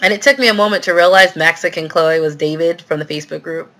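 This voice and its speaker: Chatty bright-voiced woman host. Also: fairly low pitch, fast. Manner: chatty, filler-heavy, answers viewer questions. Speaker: real estate investing host. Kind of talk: live Q&A, casual chat.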